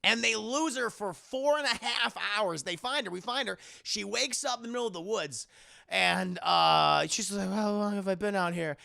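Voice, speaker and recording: A high, gravelly male voice bounces through a profane, animated movie recap on a live stream. His tone is bright and edgy, and the sound is dry and close with no room echo. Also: normal speed. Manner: animated, profane, acts out characters in put-on voices. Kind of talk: casual livestream movie recap.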